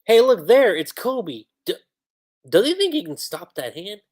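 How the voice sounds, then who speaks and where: A man's voice: high-pitched, sing-song, unhurried, darkish tone, pitched above the performer's own voice, heavily acted. A man reading the lines of a boisterous old male navy hero, laughing at a young recruit. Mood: teasing.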